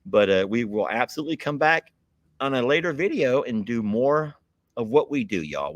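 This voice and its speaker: A man's voice: fairly low pitch, fairly bright tone, no echo. A man hosting a livestream, chatting casually and folksily with a guest. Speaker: livestream host. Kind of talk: casual live chat with a guest.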